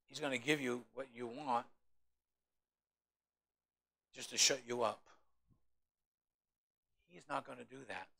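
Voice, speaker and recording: A man, a pastor, preaching a sermon in an animated way with humorous asides to the congregation. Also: mid-range voice, gravelly.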